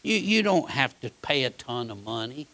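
Emphatic preacher, bright tone. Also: male voice, medium pitch, very animated, normal speed. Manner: folksy, emphatic preaching with repeated phrases and "all right?". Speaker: pastor; Bible college teacher. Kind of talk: sermon.

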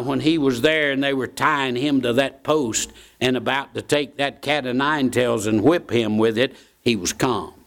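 A man's voice: mid-range voice, gravelly, fairly bright tone. A man preaching a sermon in a folksy way, repeating key phrases for emphasis.

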